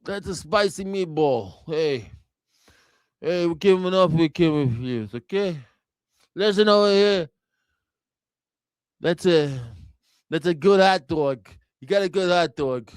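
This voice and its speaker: A man putting on a brash old New York street-vendor type with loud hustling patter. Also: a little high, expressive, slow pace, long pauses, clean tone, dry recording, pitched above the performer's own voice.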